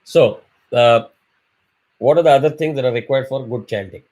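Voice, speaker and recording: Teaching chanting online, this man patiently walks through the material and elongates syllables to illustrate. He talks at a normal speed in a medium-pitched, somewhat dark voice.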